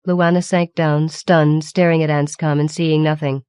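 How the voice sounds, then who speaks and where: Woman reading fantasy audiobook, low voice, dry close recording. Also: level tone, normal speed, few pauses, darkish tone, clear, resonant tone, no echo. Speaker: audiobook reader. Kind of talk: scripted narration.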